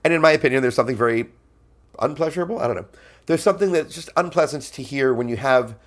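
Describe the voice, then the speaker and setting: A man's voice: medium pitch, fast talker. A male songwriter hosting a casual explainer, talking in a chatty way with frequent fillers and laughs. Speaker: songwriter host.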